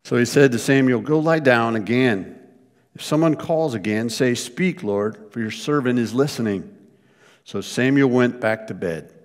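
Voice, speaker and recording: A man preaching a sermon as pastor, telling stories in an animated way with frequent repeated words. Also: mid-range voice, moderate pace. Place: church. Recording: long reverb of a church hall.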